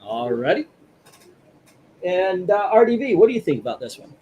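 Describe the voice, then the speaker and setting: Man, easygoing stream co-host, slightly raised pitch. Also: very animated, normal speed, warm tone, muffled recording, slight background noise. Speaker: co-host presenting the comic covers. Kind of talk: casual live-stream chat.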